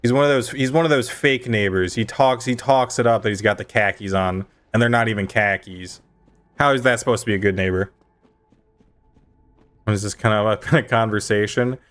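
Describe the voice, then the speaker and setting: A man's voice: on the low side, brisk, a bit bright. A young adult man streaming a game, chatting casually and ranting with emphatic, mock-outraged insistence. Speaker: gaming streamer.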